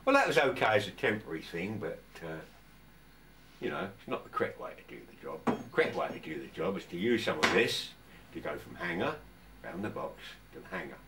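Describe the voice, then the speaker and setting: An older English man chats in his workshop, his low voice rising and falling a great deal as he wanders from point to point. He pauses and restarts often, and he sounds set back a little from the mic. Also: very animated, distant mic, very noisy. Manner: rambling, chatty, stops and restarts often. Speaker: vlogger. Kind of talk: casual workshop chat to camera. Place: home workshop.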